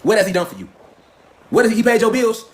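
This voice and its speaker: Man, high voice, profane rant, confrontational, rhetorical questions. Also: lively intonation, fast. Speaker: commentator. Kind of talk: ranting monologue.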